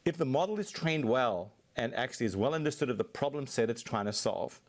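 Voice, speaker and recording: A man being interviewed as a technology executive, explaining his points fluently and in a measured way. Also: mid-range voice, animated. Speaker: Microsoft technology executive, guest. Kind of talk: interview answers.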